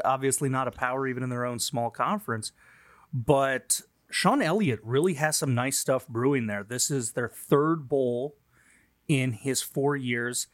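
A man's voice: mid-range voice, no echo, studio quality. A man co-hosting a sports podcast, talking through games in a chatty way with lots of fillers. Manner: chatty, laughs easily, many fillers. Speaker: podcast co-host. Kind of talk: casual sports chat.

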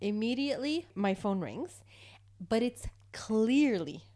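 A woman in casual chat, telling a story in an animated way and laughing often. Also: on the high side, takes it slowly.

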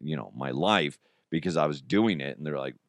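A man's voice: very deep voice, lively intonation, brisk, no echo. A man hosting a podcast in casual, rambling chat, mocking himself and laughing often. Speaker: podcast host.

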